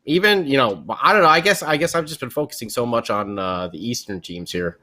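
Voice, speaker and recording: A man's voice: mid-range voice, brisk, sharp tone. Man rambling through casual hockey chat. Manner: rambling, many fillers and restarts. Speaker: podcast host.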